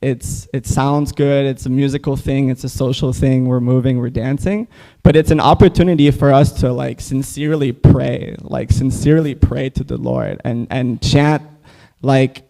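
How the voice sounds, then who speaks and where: A man gives a casual scripture class in a temple hall, filling his speech with "like". His voice is gravelly and dark, and his tone is mellow. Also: medium pitch, steady tone, moderate pace. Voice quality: casual, full of "like" fillers.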